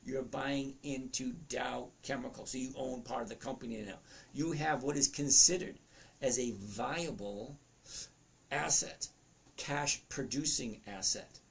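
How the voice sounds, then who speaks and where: A man's voice: medium pitch, unhurried, creaky. A man in his fifties with a cracking voice, chatting through a live trading lesson and reading viewer comments aloud. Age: 50s. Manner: chatty, reads comments aloud, self-interrupting. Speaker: trading educator.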